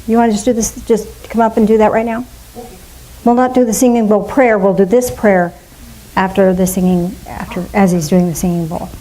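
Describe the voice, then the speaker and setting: A middle-aged woman leading a spiritual fellowship, preaching in a chatty, playful way and slipping into soft gushing voices now and then. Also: medium pitch, fairly even intonation, moderate pace, poor audio. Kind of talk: casual sermon.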